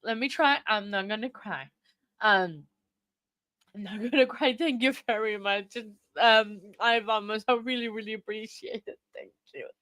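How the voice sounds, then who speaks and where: A chatty woman hosts a live stream, speaking in a fairly high voice. She rambles, restarts her sentences and gushes thanks to her viewers. The sound is close and dry, with no room around it. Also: moderate pace, a bit bright, no echo. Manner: effusive, thanks viewers often. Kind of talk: casual live-stream chat.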